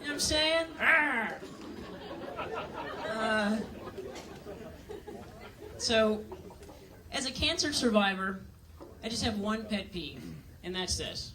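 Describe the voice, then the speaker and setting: A woman's voice: medium pitch, a bit bright, far from the mic, a little hiss or hum. A woman doing a stand-up comedy set on a club stage, telling dry, self-mocking stories and acting out other people's voices.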